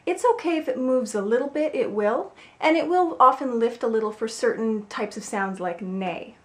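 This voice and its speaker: A woman vocal coach giving a singing lesson, explaining clearly and with a playful, upbeat manner. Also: a little high, normal speed. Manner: clear, upbeat instructive delivery with playful demonstrations. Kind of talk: singing lesson with spoken instruction. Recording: roomy echo with faint music.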